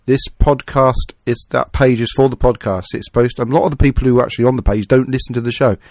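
A man's voice: mid-range voice, fairly even intonation, fast, a little mellow, no echo, clean studio sound. A man hosting a casual podcast, firm and laughing easily. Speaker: podcast host.

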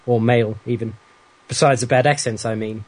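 A man's voice: mid-range voice, fairly even intonation, normal speed. A man co-hosting a podcast, reading listener emails aloud with amused asides. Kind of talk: casual chat.

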